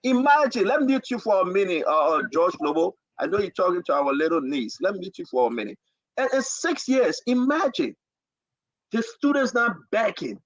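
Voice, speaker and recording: A man's voice: high voice, big pitch swings, normal speed, no room sound, poor audio. A man with a Liberian accent hosting a talk show, delivering fiery political commentary with repetitive, preacher-like emphasis.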